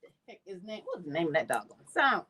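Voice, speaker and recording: A woman's voice: lowish voice, fast talker, slightly rough. A woman, hosting her channel in casual, chatty commentary and addressing her viewers directly. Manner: lively, chatty, addresses viewers as y'all, laughs. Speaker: channel host.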